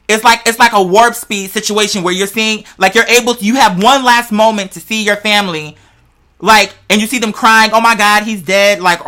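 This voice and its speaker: A podcast host in casual chat, rambling through wild theories in a slangy, profane, animated way and talking straight to listeners. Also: medium pitch.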